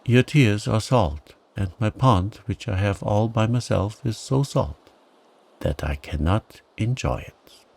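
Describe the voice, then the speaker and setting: Man playing a frog, male, fussy, earnest, storybook, gravelly, unhurried. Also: lowish voice, a little mellow, full character voice. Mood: regretful.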